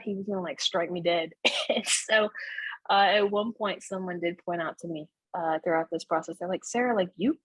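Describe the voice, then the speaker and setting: A woman's voice: lowish voice, husky, dry recording, poor audio. A woman telling her life story as an interview guest, candid and conversational, often tagging her sentences with "right?" and laughing between thoughts. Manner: animated, frequent "right?" tags and laughs. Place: Florida.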